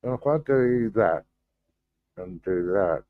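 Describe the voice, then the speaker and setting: A man hosting a livestream in casual chat, halting and distracted, restarting his sentences as he fiddles with the stream settings. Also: lowish voice, animated, slight background noise. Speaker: livestream host. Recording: thin phone-like video-call audio.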